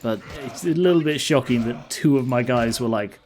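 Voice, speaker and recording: A man's voice: medium pitch, moderate pace, few pauses, a little mellow. A man casually commenting as he plays a role-playing video game, with a sarcastic, chatty manner. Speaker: let's play host.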